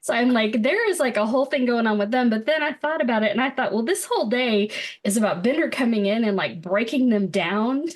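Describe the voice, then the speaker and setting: A woman's voice: on the high side, expressive, a little fast. A middle-aged woman co-hosting a podcast, chatting casually about a film, laughing often and trailing off with fillers. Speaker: podcast co-host.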